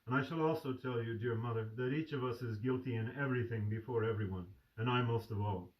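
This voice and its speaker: A man's voice: medium pitch, a little fast, muffled recording, natural voice. A man reading aloud and voicing a tender, fervent young man who is dying, speaking in a pleading way. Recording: distant mic.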